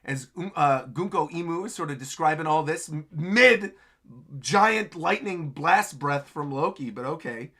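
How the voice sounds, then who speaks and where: Bright, lively man hosting a reaction stream. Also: on the high side, unhurried. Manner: enthusiastic, chatty, laughs often. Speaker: livestream host reacting to manga chapters. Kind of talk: live reaction commentary.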